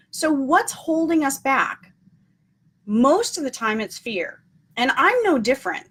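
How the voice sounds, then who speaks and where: A woman's voice: high-pitched, sing-song, measured pace, fairly bright tone, husky. Chatty, earnest woman hosting a live stream. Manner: chatty, earnest, frequent ums; encouraging, repeats key points. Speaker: motivational host. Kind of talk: casual live-stream talk.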